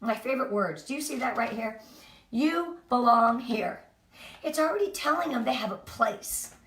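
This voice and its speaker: A woman's voice: fairly high pitch, animated, fairly quick, a bit bright. A woman leading a sales team, giving an upbeat, chatty motivational training talk. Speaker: direct sales team leader. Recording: roomy, from a distance.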